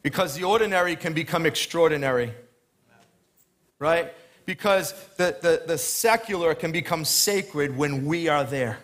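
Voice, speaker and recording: A man with a somewhat high voice delivers a sermon from a church stage. He tells his own story in a chatty, storytelling way, then builds into emphatic preaching. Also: a bit bright. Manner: storytelling, chatty, quick asides with laughs. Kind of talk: sermon with personal testimony.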